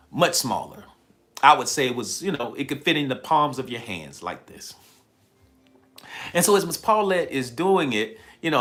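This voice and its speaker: A man hosting a livestream, telling a story to his chat in a casual, animated way and repeating phrases as he builds it. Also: mid-range voice. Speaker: livestream host.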